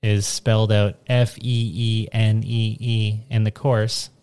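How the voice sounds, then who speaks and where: A man's voice: fairly low pitch, flat delivery, takes it slowly, a little mellow, clean tone. A man co-hosting a podcast, chatting casually and explaining things in a matter-of-fact way. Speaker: podcast co-host. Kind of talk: casual chat.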